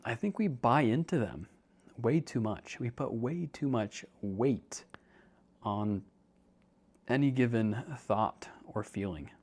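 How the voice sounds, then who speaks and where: A man's voice: medium pitch, slow pace, darkish tone, slightly rough. A young man hosting a podcast, talking casually and joking as he explains ideas to listeners. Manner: chatty, jokey, calls listeners dude. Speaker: podcast host and counselor.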